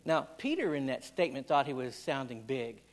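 A man's voice: mid-range voice, expressive, a little fast, soft background music. A man preaching a sermon with fervent, repetitive phrasing, often restarting his words as he builds emphasis. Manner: impassioned, repetitive, stammers on restarts.

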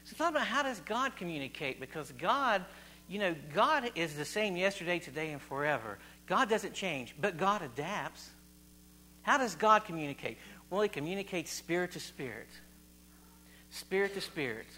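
A man's voice: sits high, sing-song, moderate pace, pushed and bright, faint music behind. A man from Virginia, preaching an informal sermon and quizzing the congregation with repeated questions. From West Virginia. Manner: chatty, quizzes the audience, repeats phrases.

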